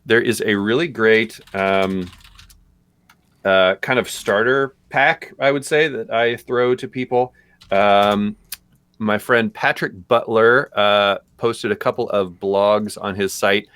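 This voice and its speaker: A man's voice: fairly low pitch, slow, a bit bright, clean tone, no echo. A man co-hosting a live stream, answering viewer questions in a loose, rambling way with lots of fillers. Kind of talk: casual live-stream chat.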